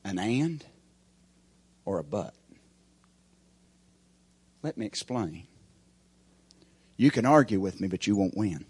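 A man preaching a sermon as pastor, with folksy grammar, swinging from shouted peaks to hushed, quiet lines. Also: fairly low pitch, sing-song, slow, pauses often, slightly rough, dry recording.

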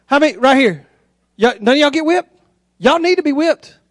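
A man preaching a sermon, telling animated stories and calling out directly to the congregation. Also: very high-pitched, moderate pace, no room sound, clean studio sound. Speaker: pastor.

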